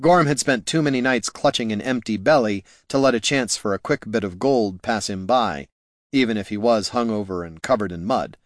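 A man's voice: on the low side, moderate pace, no room sound, studio quality. Wry male audiobook narrator.

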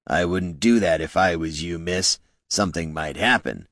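A man's voice: deep voice, normal speed, fairly bright tone, no room sound, studio quality. A man voicing a smug, talkative male bandit who speaks in a wordy, mock-polite way.

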